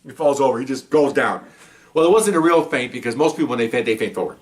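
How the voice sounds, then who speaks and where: An older man and former cop spins his stories at a rapid clip, full of restarts and sidetracks. His pitch sits in an ordinary middle range, and the delivery is loose, chatty and animated. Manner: rambling, animated, frequent restarts and asides. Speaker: retired police officer. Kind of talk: casual anecdotal storytelling.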